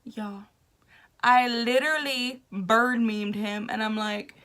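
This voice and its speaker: Bright-voiced young woman telling a story. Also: fairly high pitch, takes it slowly. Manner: animated, laughing, acts out quoted voices. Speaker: vlogger. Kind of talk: casual storytelling vlog.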